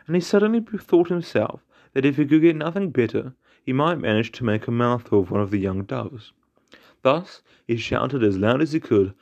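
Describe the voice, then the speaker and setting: Gravelly man telling a folk tale. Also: lowish voice. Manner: gentle storytelling with small slips. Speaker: storyteller host. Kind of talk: read-aloud folk tale narration. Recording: dull lo-fi recording with faint guitar.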